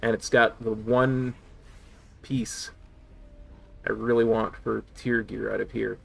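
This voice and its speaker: A man's voice: fairly low pitch, flat delivery, normal speed, vocal fry. A man streaming a game, chatting casually with viewers, with a slight lisp from a sore tongue. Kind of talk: casual live-stream chat.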